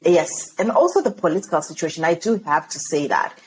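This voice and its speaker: A woman from Zimbabwe, a podcast guest telling her own story in conversation, lively and laughing often as she acts out dialogue. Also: low-pitched, fast talker, slight background noise, poor audio.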